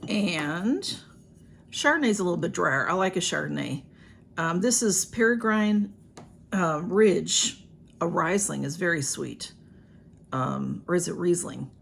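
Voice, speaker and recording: A woman's voice: on the low side, creaky, slight background noise. A woman, chatting casually through an unboxing with lots of ums and restarts. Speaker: vlogger. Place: home room with a ring light.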